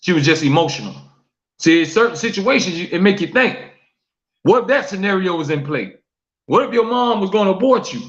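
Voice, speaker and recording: A man's voice: high-pitched, lively intonation, fairly quick, dull audio. A man hosting a live-streamed talk show, repeating questions to his viewers, reading their comments aloud and preaching about forgiveness.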